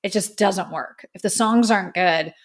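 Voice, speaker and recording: A woman's voice: mid-range voice, normal speed. A woman hosting a podcast, giving a casual, candid music review with plenty of fillers and opinions. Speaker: podcast host.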